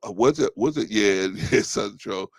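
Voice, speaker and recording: A man hosting a talk stream in a casual monologue, animated, laughing often and repeating himself. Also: on the low side, normal speed, husky, dry recording.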